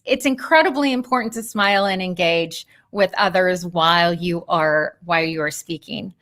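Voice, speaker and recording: A woman giving a lively workshop talk over a video call, coaching and laughing often. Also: mid-range voice. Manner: talks of thousands of hours on video calls. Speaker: speaker on persuasion.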